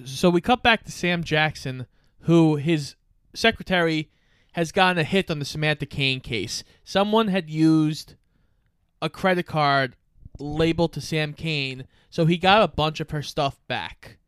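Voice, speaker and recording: A fairly high-pitched man walks through a film's plot in a casual podcast chat, animated and quick to swear. His voice is smooth and clear, and it sits in a dry, close-miked room. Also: no echo. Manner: energetic, swears freely while retelling scenes. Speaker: podcast co-host. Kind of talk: casual movie recap chat.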